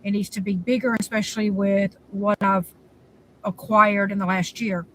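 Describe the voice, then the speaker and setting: A woman's voice: medium pitch, steady tone, normal speed, fairly bright tone, poor audio. Woman vlogger, rambling phone update, faint noise behind. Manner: rambling, chatty, repeats herself. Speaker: cat rescuer vlogger. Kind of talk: casual vlog update. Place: hot day, in or near her truck.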